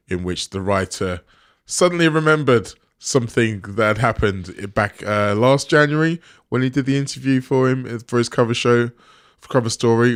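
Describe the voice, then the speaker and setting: Deep-voiced man hosting, dry sound. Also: dry recording. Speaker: podcast host. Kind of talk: casual football podcast chat.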